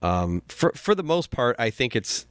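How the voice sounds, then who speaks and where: A man hosting a casual podcast chat, talking haltingly with frequent restarts and sighs. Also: medium pitch, big pitch swings, clean tone, dry recording, studio quality. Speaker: podcast host.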